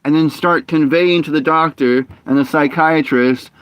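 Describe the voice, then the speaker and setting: A young man streaming a game, talking in a ranting, opinionated way with halting restarts and frustrated outbursts. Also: on the high side, fairly even intonation, a bit bright, smooth, no echo. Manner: halting restarts and repeated words. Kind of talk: casual live-stream talk while gaming.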